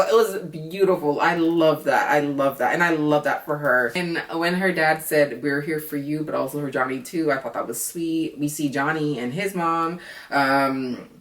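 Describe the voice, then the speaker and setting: A woman recapping a reality dating show in a casual vlog, chatty and blunt, cursing freely and jumping into excited high exclamations. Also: roomy sound, distant mic.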